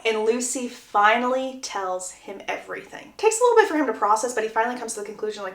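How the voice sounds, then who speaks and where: A woman casually retelling a book plot in a chatty, animated, gossipy way. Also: a little high, fast, few pauses. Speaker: book recap creator. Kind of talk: casual story recap. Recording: roomy echo.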